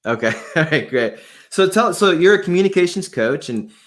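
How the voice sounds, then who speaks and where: A man hosting an interview show, talking in an excited, enthusiastic way. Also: fairly high pitch, moderate pace. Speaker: podcast host.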